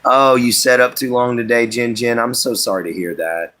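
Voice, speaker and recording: Man, bright tense voice, folksy rambling chat, laughs a lot, livestream host. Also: mid-range voice, normal speed. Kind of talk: casual chat.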